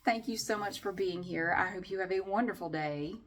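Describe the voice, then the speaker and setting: Southern woman, middle-aged, ranting vlog, sarcastic, swears, mid-pitched voice. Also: fairly quick. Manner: sarcastic, profane, venting. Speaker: vlogger.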